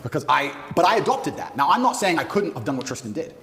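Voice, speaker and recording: A man as a podcast guest, telling a story in an animated way, laughing as he goes. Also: a little high, fast talker, vocal fry. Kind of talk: storytelling in an interview.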